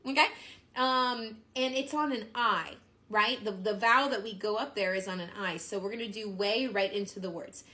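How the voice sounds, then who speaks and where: A woman as a vocal coach with a bright, high voice that swings widely in pitch. She talks through a singing lesson in a bubbly way, laughing at herself and breaking into quick sung demonstrations.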